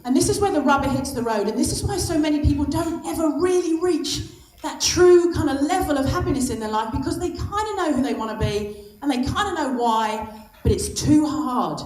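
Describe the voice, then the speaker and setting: Woman in her fifties, motivational speaker, emphatic and repetitive, high-pitched voice, echoey hall. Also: a little mellow. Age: 50s. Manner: impassioned, emphatic, repeats for stress. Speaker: guest speaker. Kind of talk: motivational speech. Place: stage at a lunch event.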